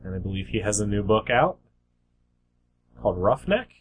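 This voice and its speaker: A man's voice: lowish voice, very animated, normal speed, husky. A man in casual chat on a comic book podcast, a departing regular with a dry, joking manner.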